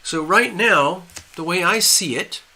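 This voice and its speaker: Older man, live-stream host, opinionated, rambling, restarts, higher voice. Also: expressive, a little slow, bright, forceful tone. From USA.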